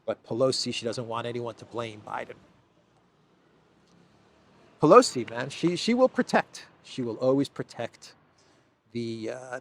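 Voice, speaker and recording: A political commentary host delivers a solo news commentary in a gravelly, mid-range voice. He speaks emphatically and sarcastically, with frequent restarts.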